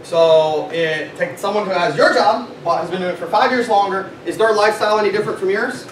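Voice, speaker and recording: A man leading a sales meeting, giving an animated motivational talk to a live audience and quizzing them with questions. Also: high voice, fairly quick. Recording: echoey room, far from mic, noisy.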